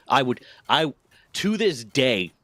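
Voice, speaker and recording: A man's voice: takes it slowly, no echo. Man telling a profane story, dry sound. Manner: profane, animated, shifts pitch a lot. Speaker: streamer. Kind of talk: casual storytelling.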